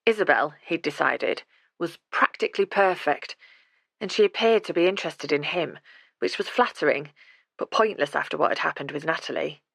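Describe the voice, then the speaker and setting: A woman narrating an audiobook in a steady, measured reading voice. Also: deep voice, creaky, no room sound.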